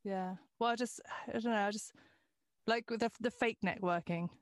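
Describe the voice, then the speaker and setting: A woman's voice: medium pitch, normal speed, no room sound. Woman chatting loosely, mid voice, dry close mic. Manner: conversational, loose, frequent restarts and "like". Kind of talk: casual chat.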